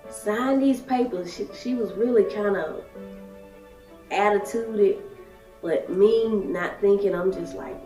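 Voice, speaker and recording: Slow, emotional woman. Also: medium pitch. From Alabama, USA. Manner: emotional, halting, short phrases. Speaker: daycare worker sharing her story. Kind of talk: personal testimony. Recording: echoey room, distant mic, soft music.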